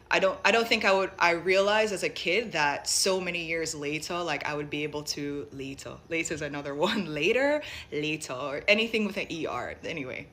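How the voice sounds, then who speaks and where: A woman's voice: sits low, sharp tone. A young adult woman from Jamaica with a light Jamaican accent mixed with American, talking reflectively in a casual monologue full of fillers. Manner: thoughtful, many fillers like "like" and "you know". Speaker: vlogger.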